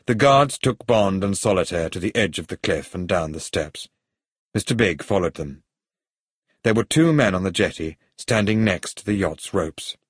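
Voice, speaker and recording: A man narrating an adventure story at a steady, even storytelling pace. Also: sits low, moderate pace, slightly rough, no echo, studio quality. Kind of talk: audiobook story reading.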